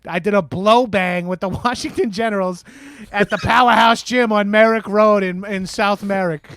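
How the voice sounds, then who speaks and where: A high-pitched, slightly bright, smooth voice with fairly even intonation, at normal speed and recorded dry. The man plays a boastful, crude radio host with a Long Island accent on an improvised comedy call-in show, swaggering, swearing heavily, and leaning on "bro."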